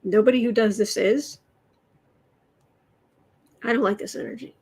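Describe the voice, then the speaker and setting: A woman's voice: a little high, steady tone, measured pace, background noise. An American woman hosting a casual tarot livestream from home, reading out viewer comments as she chats. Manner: reads viewer comments, soothes her cat in soft murmurs. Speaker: tarot reader livestream host. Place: home room.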